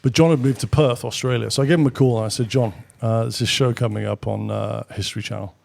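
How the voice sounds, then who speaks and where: A middle-aged British man, a guest on an interview show, telling anecdotes casually with quick asides and the odd swear. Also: mid-range voice, steady tone, gravelly, darkish tone. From Britain. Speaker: guest, former military pilot. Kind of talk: casual storytelling.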